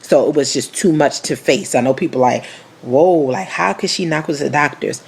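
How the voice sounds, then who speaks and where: A woman's voice: deep voice, normal speed, gravelly, slightly rough. Frank young woman telling her story. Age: 20s. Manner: frank and animated, acts out quoted dialogue; casual slangy speech with many fillers. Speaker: speaker giving a personal testimony. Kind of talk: candid personal testimony.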